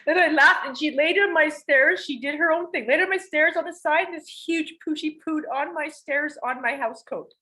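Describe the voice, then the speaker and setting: A woman's voice: high voice, normal speed, few pauses, sharp tone, rough recording. A candid, rambling woman storyteller. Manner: rambling, emotional, confessional; swears casually. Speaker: podcast guest.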